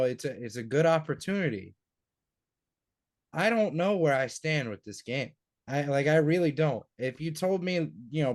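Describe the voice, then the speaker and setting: A young man co-hosting a sports betting podcast, rambling through his picks in casual chat and swearing freely. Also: on the high side. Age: young adult. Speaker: podcast co-host.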